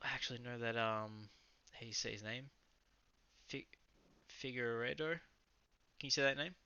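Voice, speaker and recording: A man's voice: medium pitch, normal speed, pushed and bright, clear, resonant tone. A young Australian man co-hosting a casual fight recap, talking loosely and enthusiastically, with some swearing and rambling. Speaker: podcast co-host. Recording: slightly muffled lo-fi audio.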